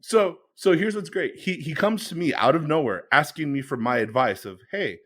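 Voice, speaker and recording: A man co-hosting a podcast, telling a story in a casual, animated way and laughing along. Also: fairly high pitch, normal speed. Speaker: podcast co-host.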